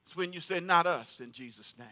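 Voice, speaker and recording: High bright-voiced preacher man. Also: brisk. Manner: call-and-response preaching, loud and emphatic. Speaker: pastor. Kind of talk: sermon. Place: church sanctuary.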